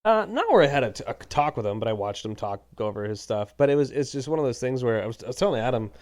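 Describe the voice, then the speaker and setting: A man co-hosting a podcast in casual chat, talking haltingly with many fillers and restarts, sounding saddened. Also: mid-range voice, expressive, a little mellow, no room sound, clean studio sound. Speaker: podcast co-host.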